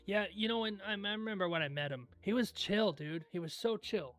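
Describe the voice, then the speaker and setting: A young man hosting a livestream in casual chat, laid-back and rambling into stories, often clearing his throat. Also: high voice, a little fast, a bit bright, soft background music. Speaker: livestream host.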